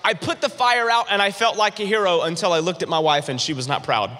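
A man preaching a sermon, telling a funny personal story with animated, humorous delivery. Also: high-pitched, fast talker, in a large hall. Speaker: pastor.

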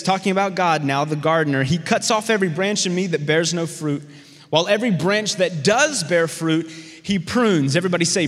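A man preaching a sermon, who tells stories with lively acted-out voices. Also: a little high, long reverb tail. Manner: storytelling, animated voices in anecdotes. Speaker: pastor.

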